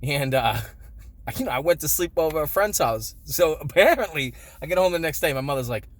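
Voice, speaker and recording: A man's voice: a little high, animated, a little fast, dry recording. Crude, chuckly man telling stories. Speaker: storyteller. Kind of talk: casual storytelling vlog.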